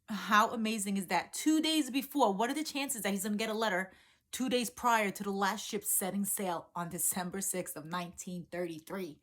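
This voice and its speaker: Chatty, animated woman coach. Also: mid-range voice, normal speed. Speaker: law of assumption coach. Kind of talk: casual storytelling vlog.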